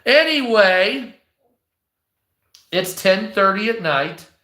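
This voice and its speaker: A man's voice: sits high, lively intonation, takes it slowly, pushed and bright, reverberant. A man in his forties ranting casually on a livestream, swearing a lot and rambling. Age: 40s. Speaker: livestream host.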